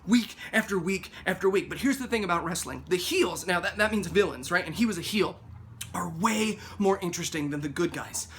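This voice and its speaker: A young man delivering a comedic rant to the camera, animated and quick, breaking into loud mock shouting. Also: high-pitched, slight background noise.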